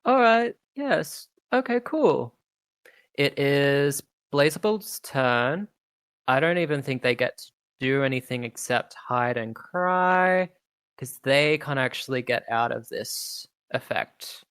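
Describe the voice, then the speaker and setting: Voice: medium pitch, expressive, takes it slowly, a bit bright, clean tone, no echo. A game master narrating a tabletop game in a laid-back, hesitant way with many ums.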